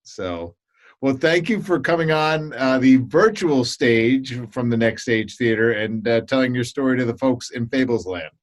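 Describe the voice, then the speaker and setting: Male host, mid-pitched voice, encouraging and a little halting. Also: lively intonation. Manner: warm, encouraging, a bit halting with repeats. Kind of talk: casual chat.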